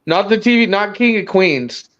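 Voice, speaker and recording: A man with a high voice hosts a casual livestream, teasing his guests and swearing freely as he laughs through the banter. The sound is dull and lo-fi, like compressed stream audio. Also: lively intonation, moderate pace, a bit bright. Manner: teasing, profane, laughs often. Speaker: livestream host.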